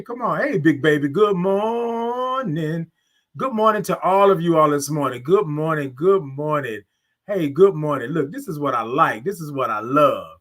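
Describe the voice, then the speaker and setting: Southern man, live-stream host, upbeat and chatty, slightly higher voice, drawn-out sung greetings. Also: fairly bright tone. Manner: upbeat, greets viewers by name, drawn-out sung good mornings. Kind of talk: casual live-stream chat.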